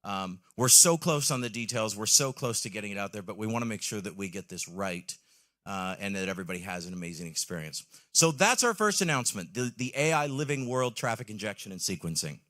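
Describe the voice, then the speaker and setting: A man's voice: lowish voice, expressive, fairly quick, bright, forceful tone. A man giving an enthusiastic live product presentation on a trade-show stage, with frequent ums and questions to the audience.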